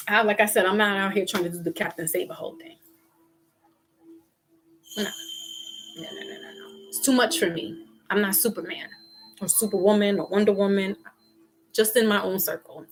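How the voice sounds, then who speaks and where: A woman vlogger giving a casual spiritual pep talk in an animated, slangy way, acting out little quoted exchanges. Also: medium pitch, slight background noise.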